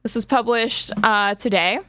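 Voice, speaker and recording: A woman's voice: a little high, fairly even intonation, measured pace, pushed and bright, clear, resonant tone, no echo. Sarcastic woman streamer, dry close sound. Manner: casual, sarcastic, swears, lots of fillers. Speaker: streamer host. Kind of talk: casual reaction stream commentary.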